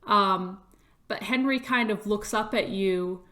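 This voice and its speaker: Bright-voiced woman game master. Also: medium pitch. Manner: halting, frequent fillers, playful. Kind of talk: narrating a tabletop game.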